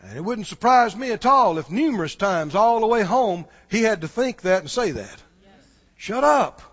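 A man preaching a sermon, moving from hushed storytelling to shouted exhortation and chuckling as he goes. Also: high-pitched, expressive, normal speed, lo-fi sound.

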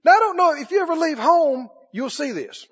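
A man preaching a sermon emphatically, repeating phrases and rising into shouts. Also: very high-pitched, expressive, fairly quick. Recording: dull lo-fi recording.

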